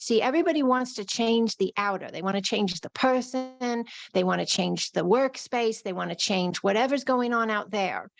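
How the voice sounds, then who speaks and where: A woman's voice: mid-range voice, creaky, no echo. Woman with a New York accent, teaching spirituality. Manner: flowing, repetitive spiritual phrasing. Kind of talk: live-streamed talk.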